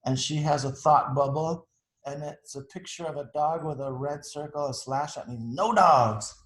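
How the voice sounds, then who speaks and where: Man, storytime read-aloud, chatty asides, slightly high voice, echoey room. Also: level tone, normal speed. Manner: chatty, adds asides to the pictures. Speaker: teacher reading to children.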